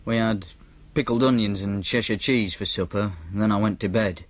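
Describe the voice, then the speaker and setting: A man with a Northern English accent narrating an audiobook in a deadpan, matter-of-fact manner. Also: fairly low pitch, normal speed. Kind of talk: first-person audiobook narration.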